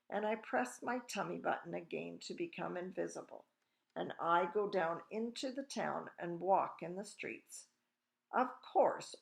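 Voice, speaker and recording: A woman reads a children's story aloud in a low, creaky voice. She takes her time over each sentence. She puts on lively voices for the quoted lines. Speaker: reader. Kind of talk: reading a children's book aloud.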